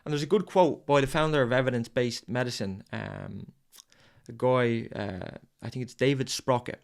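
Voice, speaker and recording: A man's voice: medium pitch, normal speed, vocal fry. A man hosting a podcast, delivering an intense, profane motivational monologue. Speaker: podcast host.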